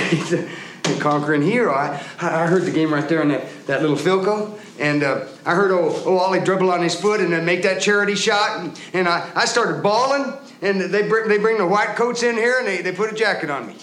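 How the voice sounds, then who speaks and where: A man's voice: high-pitched, fairly quick, fairly bright tone. An actor playing a hospitalized older father who rambles and repeats himself in a film drama. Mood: giddy. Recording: film audio with roomy echo and faint music.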